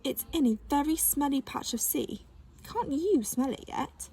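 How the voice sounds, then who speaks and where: A woman's voice: high-pitched, expressive, unhurried, mellow, pitched above the performer's own voice. A woman voicing a prim, know-it-all young mermaid in a storybook reading. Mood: matter-of-fact.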